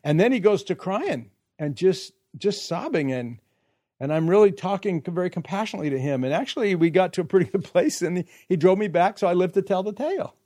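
High-voiced man telling a lively story. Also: brisk. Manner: animated storyteller, acts out quotes, laughs often. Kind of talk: casual storytelling chat.

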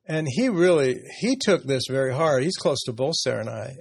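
A man in his late sixties speaks in a personal podcast conversation, his voice gravelly and slightly husky. He talks reflectively and openly, sometimes laughing softly. The sound is dry and close to the mic. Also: medium pitch, animated, moderate pace, no room sound. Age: 60s. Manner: reflective, emotional, candid with soft laughs. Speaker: podcast host.

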